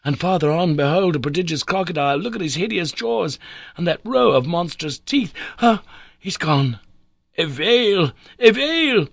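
An excitable old professor, voiced by a male reader, shouts in a raised, high voice. He sounds agitated and urgent, recorded dry and close with no room around him. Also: normal speed, vocal fry, no room sound. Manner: cries out in alarm.

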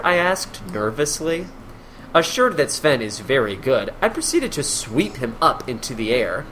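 A man's voice: medium pitch, sing-song, measured pace, a bit bright, slight background noise. A man hosting a comedy podcast, reading a column aloud in a mocking way and laughing often.

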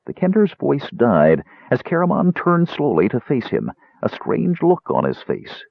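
A man reading a fantasy novel aloud in an expressive, dramatic narration. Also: medium pitch, unhurried, vocal fry, breathy edge, no echo. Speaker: audiobook narrator. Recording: tinny narrow-band dry recording.

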